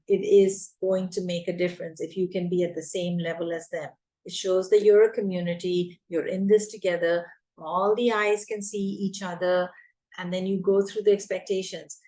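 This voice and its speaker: A woman's voice: fairly low pitch, a little mellow, low-quality recording. Woman, teacher coach, emphatic advice talk, repeats key points.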